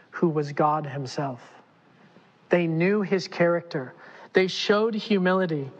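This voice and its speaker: A man's voice: sits high, highs cut off. A man preaching a sermon as pastor to a congregation, emphatic and dramatic. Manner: emphatic, dramatic, acting out quotes. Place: church hall before a congregation. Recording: long reverb in a church hall.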